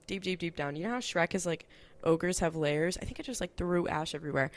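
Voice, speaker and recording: A woman's voice: fairly low pitch, a little fast. A young woman hosting a podcast, telling stories in a chatty, casual way, swearing freely and saying "like" a lot. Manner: chatty, profane, lots of "like". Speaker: podcast host. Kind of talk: casual storytelling monologue.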